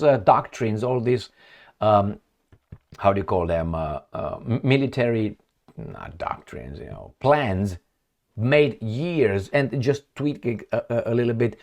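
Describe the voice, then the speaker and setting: Sarcastic rambling male commentator, low voice. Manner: sarcastic, rambling, many fillers and restarts. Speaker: political commentator. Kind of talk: off-the-cuff commentary reading news articles aloud.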